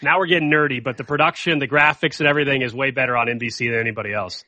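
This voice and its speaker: A man's voice: mid-range voice, steady tone, rapid-fire, sharp tone, no echo. A man hosting a casual sports talk show, easygoing and moving the conversation along. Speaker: host.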